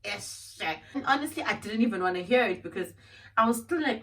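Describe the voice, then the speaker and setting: A woman's voice: medium pitch, a little fast, far from the mic. A young woman from South Africa with a South African accent, telling a dramatic storytime vlog and slipping local-language phrases into her English. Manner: animated, dramatic, mixes English with Xhosa and Zulu phrases. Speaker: vlogger.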